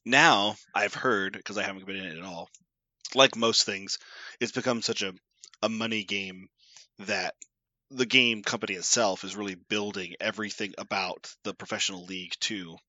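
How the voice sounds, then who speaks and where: Bright, dry-sounding man on a podcast. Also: fairly low pitch, fairly even intonation, moderate pace, no room sound, lo-fi sound. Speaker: podcast co-host. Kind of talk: casual podcast chat.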